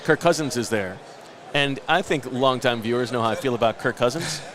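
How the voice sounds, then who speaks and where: A man in his late thirties hosts a casual podcast at a middle pitch. He spins long, rambling stories and pokes fun at himself as he goes. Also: fairly quick, a crowd in the background. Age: late 30s. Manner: rambling, self-mocking storyteller. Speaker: podcast host. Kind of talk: casual chat.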